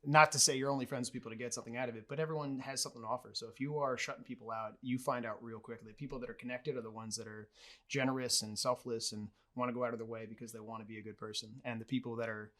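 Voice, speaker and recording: A man's voice: mid-range voice, fairly even intonation, racing, fairly bright tone. A man, a musician guest on a talk show, chatting eagerly and emphatically, laughing often. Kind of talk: casual interview chat.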